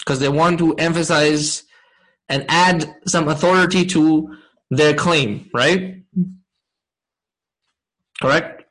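A man teaching a class, explaining slowly and checking in with his students often. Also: a little high, fairly bright tone, rough recording. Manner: slow, deliberate explaining. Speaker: Arabic grammar teacher.

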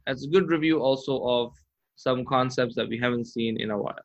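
A man's voice: mid-range voice, fairly quick. A man teaching Arabic grammar in a live lesson, patient and encouraging, drilling terms aloud. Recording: muffled lo-fi audio.

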